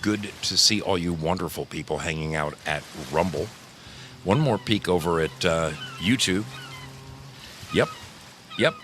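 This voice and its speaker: A man's voice: low-pitched, expressive, moderate pace, fairly bright tone, a little hiss or hum. A man hosting a casual livestream, greeting viewers in the chat one by one in a playful, effusive way and calling them darling. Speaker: livestream host.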